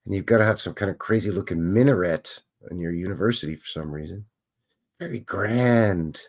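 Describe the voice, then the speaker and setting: Man, lively up-and-down voice, casual, joking, exclaiming. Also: lowish voice. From Canada. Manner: chatty, joking, exclaiming at what he sees. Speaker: host. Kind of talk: casual live commentary on old photos.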